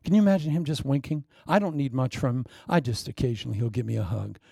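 A man preaching a sermon with wry, self-mocking humor, swinging from loud emphasis down to hushed asides. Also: mid-range voice, fast talker, creaky, slightly rough, no echo, studio quality. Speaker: pastor.

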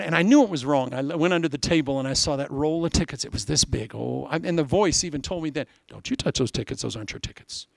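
A man's voice: on the high side, creaky, no echo. A male preacher from Iowa delivering a sermon, telling stories animatedly and acting out voices. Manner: animated storytelling, acts out voices and laughs.

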